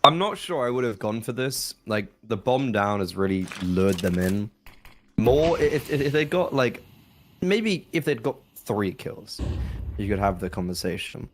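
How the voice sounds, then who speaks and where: A man's voice: lowish voice, animated, a little slow. A man doing color commentary on a live esports match, thinking aloud with restarts, with a runny nose. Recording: faint background noise.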